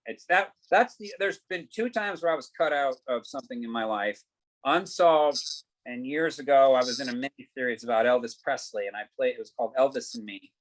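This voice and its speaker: A man's voice: medium pitch, fairly quick, rough recording. A middle-aged man, an actor, telling stories in a casual interview, acting out quoted dialogue and swearing casually. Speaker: actor guest.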